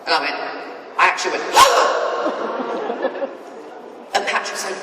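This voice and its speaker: A British woman telling anecdotes as a guest on a convention panel, in an animated, sarcastic way. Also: lowish voice, very fast, a loud crowd. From Britain. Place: large convention hall. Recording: echoey hall from far off, noisy.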